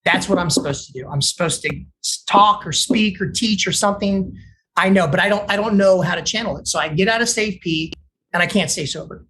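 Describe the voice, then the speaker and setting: A man's voice: high voice, fairly quick, slight background noise. A man from Texas, a counselor in addiction recovery, tells his story in a loose, chatty way. He jumps his voice up and down to act out what others said, and he stumbles into restarts and fillers as he goes. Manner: animated storytelling, acting out quoted voices.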